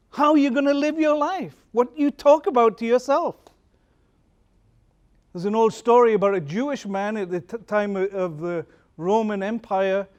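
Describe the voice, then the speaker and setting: A man, a pastor, giving a conversational talk at a conference, telling stories and asking the audience questions. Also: very high voice. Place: conference hall.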